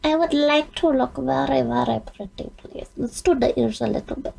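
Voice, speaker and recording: A woman's voice: high-pitched, moderate pace, creaky, darkish tone, slightly rough, rough recording. A woman talking to herself while trying on makeup, rambling and giggling at her own expense. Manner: giggly, self-mocking, rambling. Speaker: vlogger. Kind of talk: casual self-talk while doing makeup.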